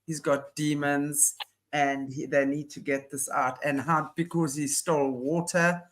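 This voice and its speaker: A man's voice: a little high, flat delivery, a little slow, fairly bright tone, a little hiss or hum. A man co-hosting a casual chat, giving opinionated, explanatory commentary. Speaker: podcast co-host. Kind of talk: casual chat about a news case.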